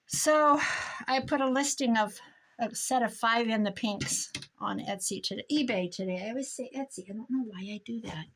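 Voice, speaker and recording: A woman's voice: a little high, moderate pace. A middle-aged woman rambling casually to herself and her viewers as she works on a craft project at her desk, with chatty asides. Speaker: crafting YouTuber. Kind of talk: casual crafting chat while working.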